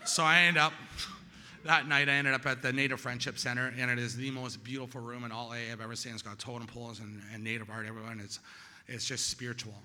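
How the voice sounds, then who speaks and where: A middle-aged man giving personal testimony at a recovery meeting, telling his story with sudden loud peaks and quiet drops. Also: mid-range voice, level tone, quick pace, long reverb tail.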